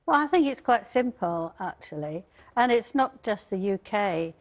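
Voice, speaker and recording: A woman's voice: medium pitch, expressive, unhurried. Firm woman royal commentator. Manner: firm, emphatic. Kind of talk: TV panel debate.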